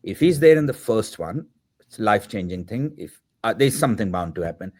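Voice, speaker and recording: A middle-aged man, a podcast guest, telling a story with animated energy and acting out the voices of the people in it. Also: fairly low pitch, brisk. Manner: animated, acts out the dialogue of the people in his story. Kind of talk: storytelling in an interview.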